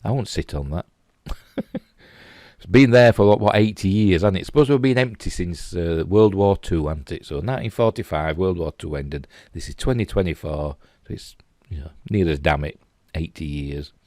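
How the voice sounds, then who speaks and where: A man's voice: low-pitched, normal speed, darkish tone, no echo, clean studio sound. A middle-aged man with a Yorkshire accent, rambling casually and chuckling as he comments on pictures. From England. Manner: chatty, rambling, chuckling asides. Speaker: host.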